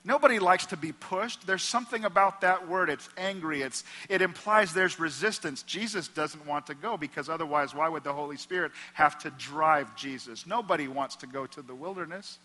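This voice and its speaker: A man preaching a sermon as pastor, impassioned and swinging low for the voices he quotes. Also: moderate pace, hardly any pauses, bright, forceful tone. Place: church sanctuary. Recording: echoey hall reverb.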